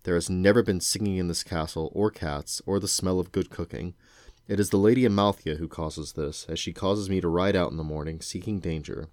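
A man's voice: low voice, fairly even intonation, a little fast, darkish tone, no room sound, clean studio sound, lightly acted. A man reading aloud as an earnest, lovesick young prince who speaks in a pleading way.

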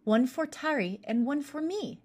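A woman doing an eager, high-voiced child. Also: lively intonation, a little slow, a little mellow. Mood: excited. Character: excited young child.

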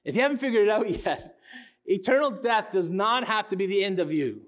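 Guy in his 60s preaching, earnest, bit high voice, keeps repeating himself and asking the crowd stuff. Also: fairly quick, a bit bright. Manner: earnest, repeats key phrases, asks the congregation questions. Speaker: pastor. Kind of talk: sermon.

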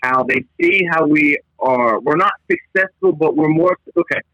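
Bright-voiced man rambling casually. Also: a little high, moderate pace, no room sound, dull audio. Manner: rambling and loose, trailing off mid-thought. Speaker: podcast co-host. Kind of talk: casual podcast chat.

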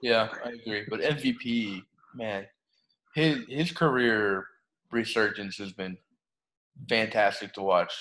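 A man's voice: on the low side, unhurried, fairly bright tone. A young man co-hosting a podcast, easygoing in casual chat, steering the talk. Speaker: podcast co-host. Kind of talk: casual chat about pro wrestling.

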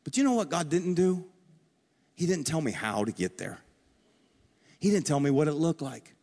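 A man's voice: a little high, lively intonation, normal speed, mellow, big-room sound. A man preaching as a pastor, earnest and impassioned, repeating phrases and rising to emphatic peaks. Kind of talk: sermon.

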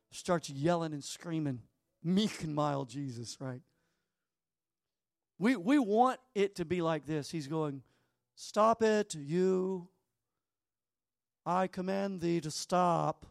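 A male pastor preaching a sermon in a dramatic way, dropping to hushed asides and then rising to emphatic lines. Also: fairly high pitch, dry recording, studio quality.

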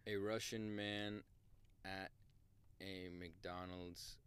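A man's voice: deep voice, level tone, drawn-out words, fairly bright tone, slight background noise. A man co-hosting a podcast in casual, slangy chat, swearing and calling people bro. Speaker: podcast co-host.

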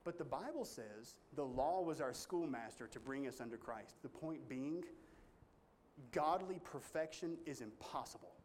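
A man's voice: lively intonation, moderate pace, slight background noise. Emphatic preacher, man. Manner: emphatic, folksy, rising to high pitch when stirred. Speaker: pastor. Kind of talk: sermon.

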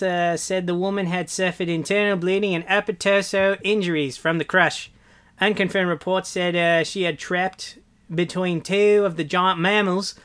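High clear voice, guy putting on a shaky australian accent, reading news with lots of uhs. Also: fairly bright tone. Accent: imitated Australian, slipping. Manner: halting, with fillers and slips. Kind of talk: read news report.

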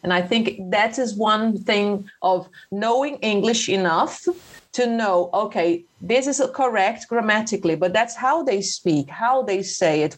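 A woman's voice: medium pitch, a little slow. Brazilian woman speaking English, hesitant. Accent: Brazilian Portuguese. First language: Portuguese. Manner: thoughtful, hesitant with fillers. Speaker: guest, English teacher. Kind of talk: casual conversational interview.

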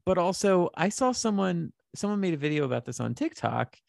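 A podcast co-host in casual pop-culture chat, gossipy and quick to laugh. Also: mid-range voice, vocal fry, dry recording, clean studio sound. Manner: animated, gossipy, laughs often.

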